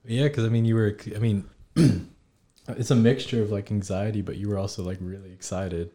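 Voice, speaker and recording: A man who is a podcast guest, answering quietly and supportively. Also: on the low side, steady tone, normal speed. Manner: quiet, supportive back-channel replies.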